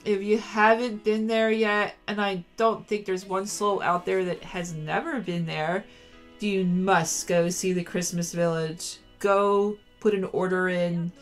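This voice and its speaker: A tearful woman hosts a podcast, gushing warmly over her guest. Her voice sits at an ordinary middle pitch, and soft music plays faintly beneath her. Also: little pitch movement, measured pace. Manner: effusive, gushing and emotional. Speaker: podcast host. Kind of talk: casual interview chat.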